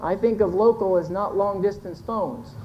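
A woman's voice: mid-range voice, moderate pace, lo-fi sound, slight background noise. A woman giving a folksy, earnest sermon-style talk to a church congregation, pointing to a chart and correcting herself as she goes. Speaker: church speaker teaching with a chart.

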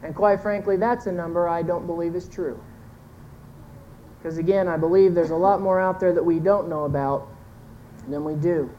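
A woman's voice: fairly low pitch, fairly even intonation, moderate pace, long pauses, warm tone, lo-fi sound, a little hiss or hum. A woman giving a folksy, earnest sermon-style talk to a church congregation, pointing to a chart and correcting herself as she goes. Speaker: church speaker teaching with a chart.

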